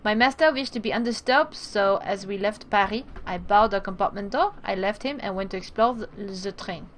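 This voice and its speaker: A woman's voice: mid-range voice, normal speed, a little hiss or hum. Woman reading game text aloud. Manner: reads narration, then breaks off into excited asides. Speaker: let's play streamer.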